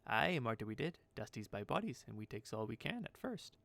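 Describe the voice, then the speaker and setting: A man's voice: medium pitch, very animated, fairly quick, gravelly, a bit bright, no echo. A man voicing a sour, muttering female corpse-picker who chatters to herself in a sing-song voice and calls herself by name.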